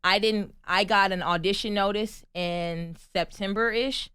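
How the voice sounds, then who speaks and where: A woman from the United States, a guest on a podcast interview, telling her story in an animated, emphatic way and laughing often. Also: medium pitch, unhurried, clean tone, dry recording, studio quality. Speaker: guest, actress and stunt performer.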